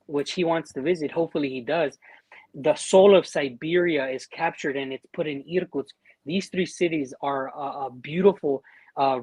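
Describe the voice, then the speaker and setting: A Mexican American man, a guest on a livestream chat, who speaks earnestly and haltingly, often restarting his sentences. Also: fairly high pitch, breathy edge, dry recording. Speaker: guest, war veteran living in Siberia.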